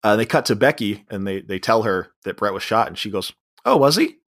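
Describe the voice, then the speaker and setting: A man's voice: fairly low pitch, fairly even intonation, fairly bright tone. A man co-hosting a podcast, casually recapping a comedy film's plot and mimicking characters' lines. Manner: recounts plot, acting out lines in quick voices. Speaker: podcast co-host. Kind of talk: casual movie recap chat.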